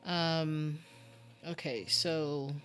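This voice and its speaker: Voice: mid-range voice, steady tone, very slow, a bit bright, soft background music. A streamer thinking aloud during a casual live-stream game commentary, muttering and musing with lots of fillers.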